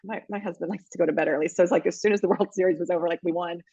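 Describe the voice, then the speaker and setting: A woman's voice: fairly low pitch, fairly even intonation, racing, dark tone, breathy edge, dry recording, muffled recording. A woman co-hosting a podcast, telling stories in an emotional, chatty way. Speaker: podcast co-host. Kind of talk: casual chat.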